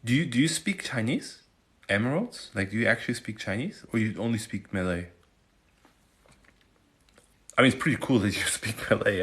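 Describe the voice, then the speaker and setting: A man from Germany hosting a casual livestream, chatting with viewers and haltingly trying out Chinese phrases. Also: on the low side, fairly bright tone. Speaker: livestream host. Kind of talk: casual live chat answering viewers.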